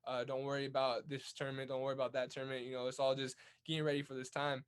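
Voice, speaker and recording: A man's voice: mid-range voice, little pitch movement, racing, clear, resonant tone. A young man from California's Central Valley, a guest telling stories in a casual interview, upbeat with many restarts. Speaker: guest, Olympic boxer.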